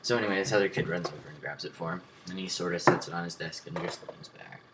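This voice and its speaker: A man's voice: deep voice, quick pace, heavy background noise. A young man, a student vlogger, casually retelling a classroom story and acting out the voices of the people in it.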